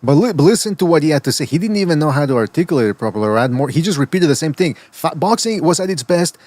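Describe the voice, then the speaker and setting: A man's voice: a little high, expressive, rapid-fire, darkish tone, no echo. A man co-hosting a podcast in casual chat, mocking and laughing often. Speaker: podcast co-host.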